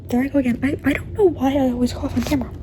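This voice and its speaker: A young woman vlogging about books she is reading, chatty and animated, often slipping into a whisper. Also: high-pitched, a little hiss or hum. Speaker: book vlogger. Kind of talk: casual reading vlog. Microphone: camera facing the speaker.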